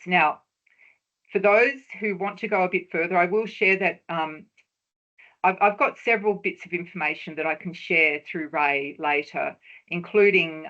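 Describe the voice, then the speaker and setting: A woman presenting a webinar lecture on research talks, measured and explanatory, stressing key words for emphasis. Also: lowish voice, a bit bright, muffled recording.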